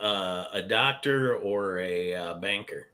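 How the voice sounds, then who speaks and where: A man in casual chat, making wry, deadpan complaints. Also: low voice, slow.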